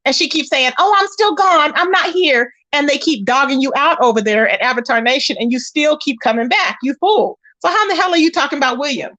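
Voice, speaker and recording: A high-pitched woman hosting a gossip livestream in a casual, talkative way. She stays emphatic and greets her viewers by name between points. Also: animated, fast talker, few pauses, sharp tone. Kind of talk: casual live-stream chat.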